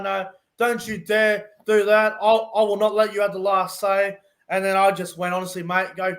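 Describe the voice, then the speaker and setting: An Australian man with a high voice, speaking as a podcast guest. He rants heatedly and swears freely, in a loose, casual delivery. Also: fairly bright tone.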